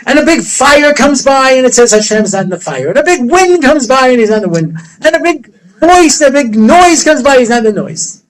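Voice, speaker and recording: A man's voice: very high voice, animated, fairly quick, poor audio. A man, a rabbi, telling a story in a lecture with humor, acting out the characters' voices. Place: study hall.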